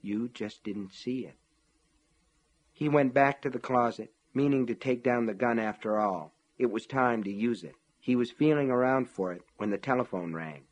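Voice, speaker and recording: Husky male audiobook narrator. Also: medium pitch, normal speed, few pauses.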